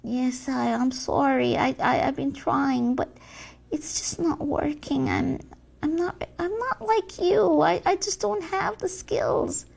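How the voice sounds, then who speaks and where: A woman's voice: high-pitched, slow, gravelly, darkish tone, full character voice. A woman playing a stammering, timid junior devil. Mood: apologetic. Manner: hesitant, stammering, whiny. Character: timid bumbling junior devil, eager to please. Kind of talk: comedy sketch acting.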